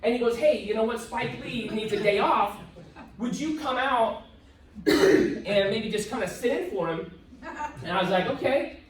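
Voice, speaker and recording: A man speaking at a live seminar, telling an animated story and acting out both sides of the dialogue. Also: extremely high pitch, unhurried, long pauses. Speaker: motivational speaker. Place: event hall with live audience. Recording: echoey hall, voice from far off.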